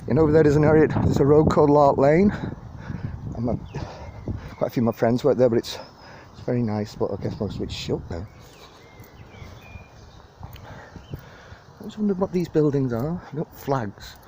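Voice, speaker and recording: A man's voice: mid-range voice, normal speed, pauses often. A young man with a Liverpool-area accent, rambling and joking as he films a casual walking tour of a city park on his phone. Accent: Liverpool area (Widnes). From England. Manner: chatty, rambling, jokey and lively. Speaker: vlogger giving a walking tour. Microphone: handheld phone camera. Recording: phone video outdoors with clear wind and park noise.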